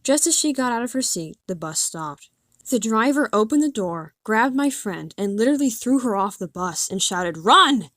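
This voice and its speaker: A woman narrating an audiobook in the first person, with an earnest, expressive reading. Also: on the high side, moderate pace, no echo, studio quality. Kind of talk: scripted narration.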